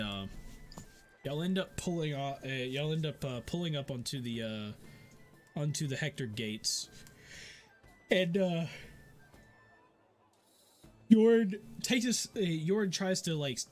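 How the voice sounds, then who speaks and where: A man narrating as game master, rambling and restarting his sentences. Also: mid-range voice. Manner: rambling, many fillers and restarts.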